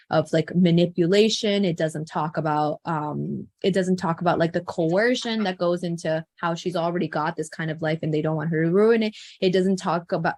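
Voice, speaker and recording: A woman's voice: lowish voice, no room sound. A woman co-hosting a casual film review chat, speaking earnestly and searching for words with many fillers.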